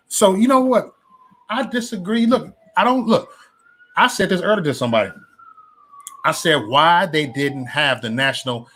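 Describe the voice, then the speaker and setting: A man talking casually about politics and faith, animated and preachy, with many restarts and slangy asides. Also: fairly high pitch. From West Side of Chicago. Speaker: political commentator. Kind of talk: casual opinion vlog.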